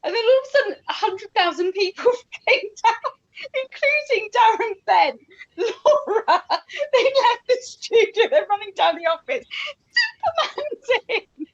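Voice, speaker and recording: Bubbly high-voiced woman, laughing. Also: animated, normal speed. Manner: bubbly, laughing, rambling storyteller. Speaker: radio presenter guest. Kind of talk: casual chat. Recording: dull lo-fi audio.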